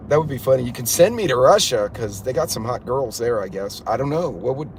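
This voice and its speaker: A middle-aged man hosting a casual livestream from a car, telling a story in an animated, incredulous way. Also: mid-range voice, brisk, a little hiss or hum. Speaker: livestream host.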